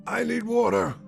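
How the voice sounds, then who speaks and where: A dying man burning with fever, his slow, heavily gravelly voice swinging widely between weak pleas and bitter outbursts. Pitched a little high for a man. Soft music plays behind him. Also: long reverb tail, heavily acted. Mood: pleading, weak. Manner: pleading, then bitter and defiant. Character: feverish dying man, demanding, terrified of death. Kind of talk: dubbed drama dialogue.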